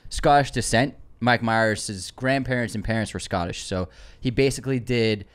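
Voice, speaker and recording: A man's voice: mid-range voice, moderate pace, clear, resonant tone. A man co-hosting a movie podcast, chatting at length and arguing his point with his co-host. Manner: talkative, defensive in friendly argument. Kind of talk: casual movie podcast chat.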